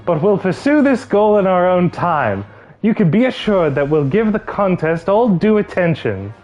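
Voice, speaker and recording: A man's voice: sits high, big pitch swings, normal speed, voice pushed up. A man reading as a composed young woman ally. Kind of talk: voicing game cutscenes on stream. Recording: slightly muffled with game music.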